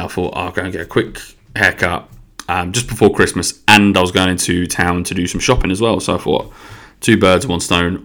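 Young podcast host, low voice, rambling and sweary. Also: male voice, a bit bright. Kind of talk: casual solo podcast monologue. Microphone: podcast microphone.

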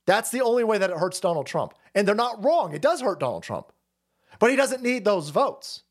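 A man's voice: sits high, very animated, normal speed. A man streaming a profane political rant, repeating himself and cursing heatedly. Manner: foul-mouthed, repetitive, heated.

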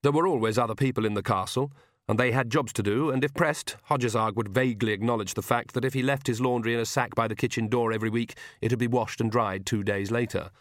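A man narrating a comic fantasy audiobook in a measured reading. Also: mid-range voice, no echo, studio quality. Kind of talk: scripted narration.

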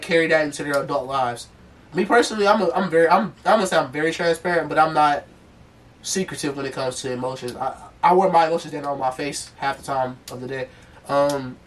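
Chatty guy on a podcast, lots of "like" and "you know", sounds a bit far from the mic. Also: a little high. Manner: loose, rambling, full of "like" and "you know what I'm saying". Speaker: podcast co-host. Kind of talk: casual chat.

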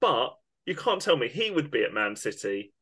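A man's voice: medium pitch, big pitch swings, moderate pace, sharp tone, slightly rough. A man co-hosting a football podcast, ranting with emphatic indignation. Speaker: podcast co-host. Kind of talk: opinionated football podcast rant.

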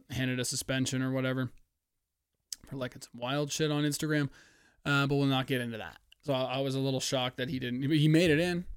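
A man from Canada hosting a solo podcast, animated, profane and rambling. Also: mid-range voice, clean tone, no echo, clean studio sound. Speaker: podcast host. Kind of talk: casual solo podcast rant.

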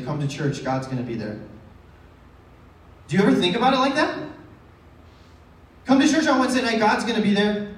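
A male pastor preaching a casual, conversational sermon in a church, often asking the congregation rhetorical questions. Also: fairly high pitch. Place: church sanctuary. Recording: echoey hall from far off.

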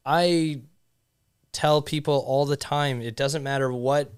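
Man, earnest, reflective, smooth clear voice, halting delivery. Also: mid-range voice, steady tone. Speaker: podcast co-host. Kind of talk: casual chat.

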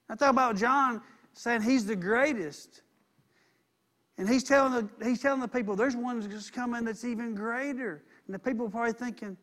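A man preaching a sermon in a conversational way that swells to emphatic at high points. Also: moderate pace, a bit bright.

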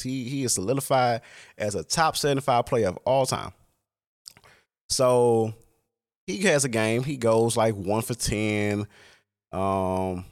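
A man talking casually in a reflective monologue, rambling and swearing freely. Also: medium pitch.

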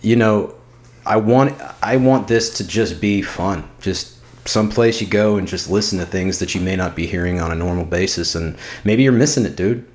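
A man co-hosting a podcast, chatting casually and swearing, with animated bursts. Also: deep voice, normal speed. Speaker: podcast co-host. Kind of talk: casual chat.

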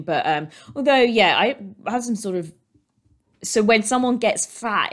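A British woman talks through a solo podcast episode in a loose, rambling way. Her voice sits slightly low, and she fills her sentences with ums and likes as she chats into a desk microphone. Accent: British English. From Britain. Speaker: podcast host. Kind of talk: casual solo podcast chat.

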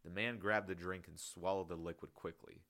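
A man reading his own novel aloud in a calm, measured audiobook narration. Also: sits low.

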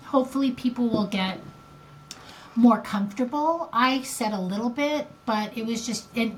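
Older woman co-host, slightly high voice, rambling heartfelt storytelling, faint hiss behind. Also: normal speed. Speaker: podcast co-host. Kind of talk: casual chat.

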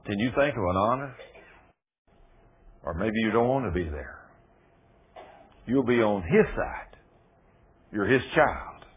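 A man preaches in a homespun, down-to-earth way, his pitch swinging wide as he drives home each point. His voice has a husky edge, and it comes through thin and narrow, like a tinny radio broadcast. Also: lively intonation, a little slow, long pauses. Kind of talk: sermon.

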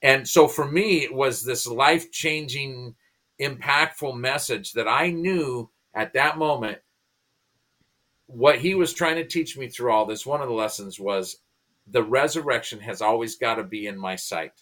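Bright-voiced man in his fifties. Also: medium pitch, a little slow. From United States. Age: 50s. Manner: animated, restarts and repeats words. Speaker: guest, pastor and comedian. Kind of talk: conversational storytelling.

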